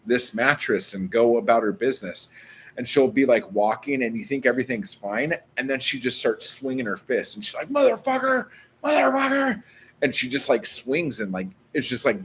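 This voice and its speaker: A man's voice: mid-range voice, slight background noise. A man vlogging casually, rambling through a story full of filler words and swearing.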